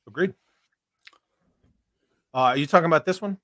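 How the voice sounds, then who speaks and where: A man's voice: on the high side, moderate pace, bright, forceful tone, no echo, clean studio sound. A man hosting a casual livestream chat, reading viewer messages aloud, frank and profane. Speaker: host.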